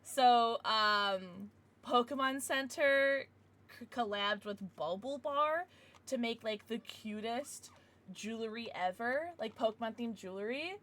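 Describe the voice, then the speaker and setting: A woman's voice: a little high, takes it slowly, a bit bright. A young woman streaming casually from home, gushing over gifts and baby-talking to her dogs between chats with viewers. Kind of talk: casual livestream chat.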